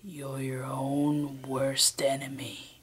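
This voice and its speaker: A man voicing a sinister male double in whispered role-play, with slow, hushed, drawn-out menace. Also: fairly high pitch, steady tone, creaky, slight background noise, heavily acted. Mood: menacing.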